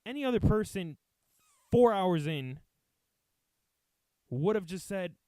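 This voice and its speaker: A man's voice: sits high, expressive, takes it slowly, a little mellow, dry recording. A man, a comedian, telling a rambling, profane story casually to his live chat. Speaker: comedian and streamer.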